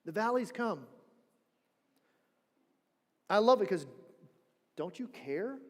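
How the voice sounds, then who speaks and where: A man preaching a sermon as pastor, telling a story in an animated way and acting out the people he quotes. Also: sits high, takes it slowly. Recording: long church hall reverb.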